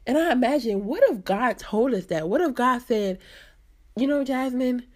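A woman's voice: fairly high pitch, expressive, moderate pace. A woman hosting a faith podcast, talking through a personal story in an earnest, conversational way and laughing at herself now and then. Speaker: podcast host. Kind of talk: faith-based personal reflection.

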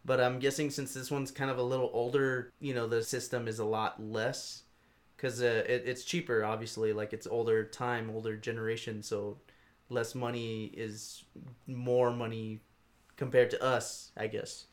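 A young man in casual chat, rambling through stories with lots of swearing, fillers and animated bursts. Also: mid-range voice, normal speed. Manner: rambling, profane, animated storytelling.

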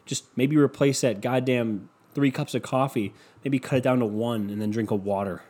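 A man's voice: medium pitch, steady tone, moderate pace, a little mellow. A young man hosting a solo podcast, ranting in a rambling, sarcastic and profane way. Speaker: podcast host. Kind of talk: casual solo podcast rant.

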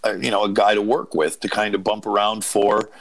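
A man's voice: on the low side, level tone, a little fast, rough recording. A man in his fifties, a native Portuguese speaker, telling rambling stories as a guest with many fillers and asides. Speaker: guest, former wrestler. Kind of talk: casual storytelling.

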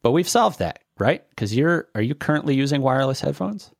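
A man's voice: mid-range voice, sing-song, brisk, creaky, no room sound, studio quality. A man co-hosting a podcast, explaining technology in loose, casual talk full of fillers. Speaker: podcast co-host. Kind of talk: casual tech chat.

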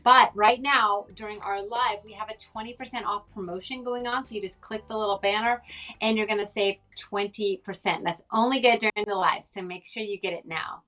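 A woman's voice: medium pitch, fairly bright tone, distant mic. A woman hosting a live show, chatting upbeat and reading out product details and a promotion.

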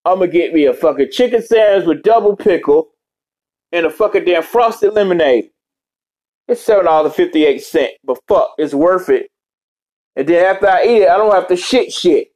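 A man's voice: fairly high pitch, moderate pace, darkish tone. A man ranting casually as a vlogger, swearing heavily and rambling off on tangents. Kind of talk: casual rant.

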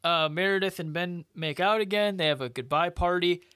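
Bright-voiced man co-hosting a review podcast. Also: high-pitched, clean tone, no echo. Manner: blunt, quick asides, lots of "like". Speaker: podcast co-host. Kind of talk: casual movie review chat.

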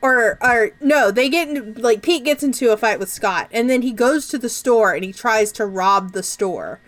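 A young woman co-hosting a podcast, casually recapping a movie in an animated, sarcastic way and swearing freely. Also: a little high, moderate pace. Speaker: podcast co-host.

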